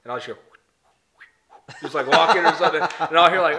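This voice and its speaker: A man telling crude stories in casual chat, animated and swearing a lot. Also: on the high side, brisk, very noisy. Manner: animated storyteller, swears a lot, says dude.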